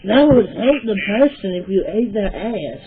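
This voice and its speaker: A man putting on a squeaky goofy prank caller. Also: moderate pace. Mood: silly. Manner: absurd, deadpan nonsense. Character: silly high-voiced young male prank caller. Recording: tinny phone line recording.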